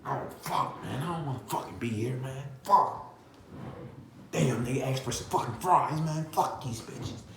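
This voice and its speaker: A man voicing a fed-up male fast-food worker who mutters complaints and curses under his breath. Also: mid-range voice, reverberant, a little hiss or hum, close to an everyday voice. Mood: grumbling.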